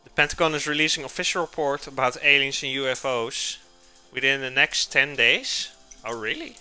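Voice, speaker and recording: A man's voice: medium pitch, animated, moderate pace, pushed and bright, clean tone, soft background music. A man streaming live from his home kitchen, chatting casually and answering viewer chat while he cooks.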